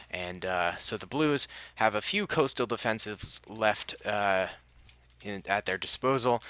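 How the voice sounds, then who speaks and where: A young man hosts a gaming video in a relaxed way, with many fillers. His voice is a little low but bright and forceful. It is recorded close and dry. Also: clean tone, dry recording. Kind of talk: scripted story narration and casual game commentary.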